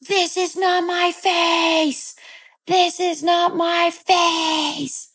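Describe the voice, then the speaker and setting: A woman voicing a small girl who screams in distress, with shrill, frantic yelling. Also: level tone, very slow, full character voice.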